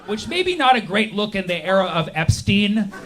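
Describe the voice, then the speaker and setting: A man's voice: high-pitched, very animated, moderate pace, fairly bright tone. A man performing a sarcastic stand-up comedy set, acting out the people he quotes. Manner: sarcastic, acts out quoted voices.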